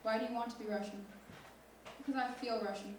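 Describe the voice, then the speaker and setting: A teenage girl reading her own spoken word poem slowly and intensely as a student poet on stage. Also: a little high, steady tone, a little mellow, slight background noise. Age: teens. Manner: slow, deliberate, intense recitation. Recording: echoey hall from far off.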